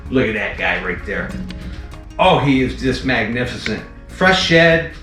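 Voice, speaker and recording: A man's voice: medium pitch, animated, a little slow, echoey room, music in the background. A man, rambling casually as he hosts a tour of his venomous snakes. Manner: chatty, rambling, frequent "um" and "let me tell you". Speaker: venomous snake keeper and channel host. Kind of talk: casual animal-room tour with commentary. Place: indoor snake room.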